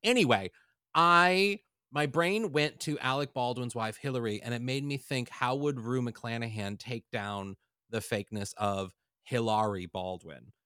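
A man's voice: mid-range voice, measured pace, pushed and bright, clean tone, no room sound. A man co-hosting a podcast, chatting casually and wandering onto tangents with a playful, bawdy edge. He sits close to a dry mic. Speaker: podcast host. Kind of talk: casual chat.

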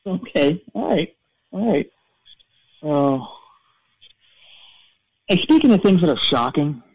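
A fussy, self-righteous rock-fan caller stumbles and circles through his grievances in a comedy call-in bit. His voice sits fairly high and swings around a lot, and it comes across dry and close to the mic. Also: lively intonation, slow, slightly rough, dry recording, full character voice, low-quality recording. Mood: indignant. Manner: rambling, stammering, indignant.

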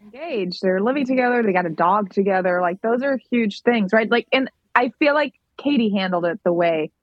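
Outspoken young woman guest, medium pitch, direct and fast. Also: lively intonation, dry recording, dull audio. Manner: blunt, opinionated, quick, uses "like" a lot. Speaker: podcast guest. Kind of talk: casual chat.

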